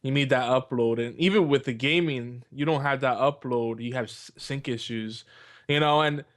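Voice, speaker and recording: A man's voice: medium pitch, normal speed, no echo, clean studio sound. A man co-hosting a podcast in casual chat, easygoing, swearing and saying "dude" as he vents. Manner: casual and laid-back, says "dude", swears. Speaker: podcast co-host.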